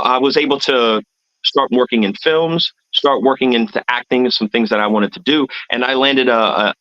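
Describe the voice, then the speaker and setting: A man's voice: medium pitch, bright, forceful tone, dry recording, muffled recording. A man from the United States, an artist and event MC, telling his story as a guest in an earnest, rambling, reflective way. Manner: rambling, earnest, searching for words.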